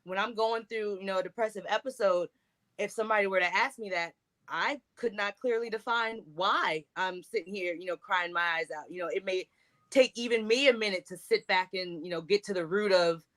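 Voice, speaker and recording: A woman speaking earnestly about her own experience in a candid discussion, often pausing with "you know". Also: medium pitch, a bit bright.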